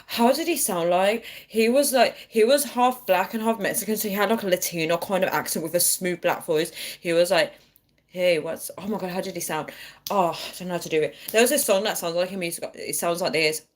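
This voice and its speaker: A woman's voice: on the low side, brisk. Chatty woman on a phone livestream. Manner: chatty, keeps addressing viewers as guys, laughs often. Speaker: livestream host. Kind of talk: casual livestream chat.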